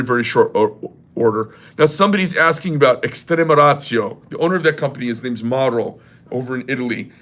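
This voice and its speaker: Bright, lively man rambling crudely. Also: mid-range voice. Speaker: knife maker and shop host. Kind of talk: casual livestream talk.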